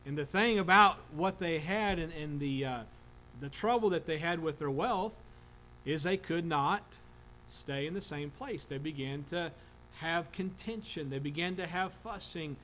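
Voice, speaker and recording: Man, pastor preaching in church, high voice, earnest, frequent restarts. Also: unhurried, pushed and bright, a little hiss or hum, poor audio. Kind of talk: sermon. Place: church sanctuary.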